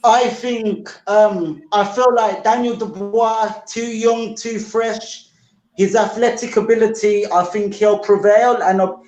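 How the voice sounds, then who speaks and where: Man, Birmingham accent, slow steady talk, echoey room. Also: high voice. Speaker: guest boxer. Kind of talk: casual chat.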